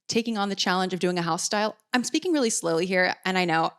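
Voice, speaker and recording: A woman hosting a music podcast, talking through her views slowly and thoughtfully, with frequent restarts and careful qualifiers. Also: fairly low pitch, clear, resonant tone. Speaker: podcast host. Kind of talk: reflective solo commentary.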